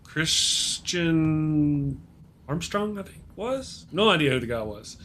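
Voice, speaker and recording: A man's voice: a little high, sing-song, slow pace, fairly bright tone. A man hosting a casual live-stream chat, trading self-mocking jokes and greeting viewers. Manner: self-mocking jokey banter. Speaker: show host.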